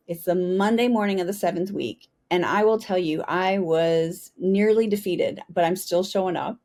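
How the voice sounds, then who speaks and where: A woman's voice: lowish voice, a little mellow. A middle-aged woman from the United States, a retired Army pilot, telling her story as a guest and often asking "right?". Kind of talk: storytelling interview.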